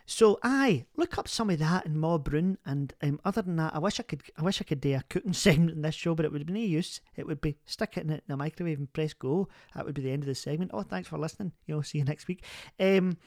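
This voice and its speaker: A man's voice: on the high side, fast talker, darkish tone, no echo, studio quality, close to an everyday voice. A man voicing a chatty middle-aged Scottish woman who hosts a comic advice podcast, rambling and homely with frequent laughs.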